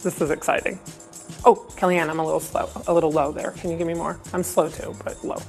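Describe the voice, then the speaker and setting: A woman's voice: low voice, little pitch movement, quick pace, creaky, faint music behind. A woman hosting a comedy showcase, joking and self-mocking between clips. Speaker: show host.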